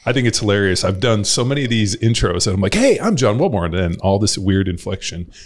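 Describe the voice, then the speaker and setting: A man with a very low voice hosts a podcast from Southern California. He talks loosely and casually and drifts through long stories. He swears freely along the way. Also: steady tone, brisk. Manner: laid-back, profane, rambling storyteller. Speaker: podcast host. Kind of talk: casual conversation.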